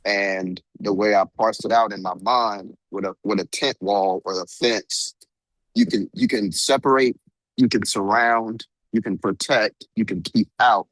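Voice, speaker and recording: Slow, low-voiced man thinking aloud. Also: steady tone, a bit bright, no room sound, rough recording. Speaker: student in a study group. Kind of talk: explaining on a group call.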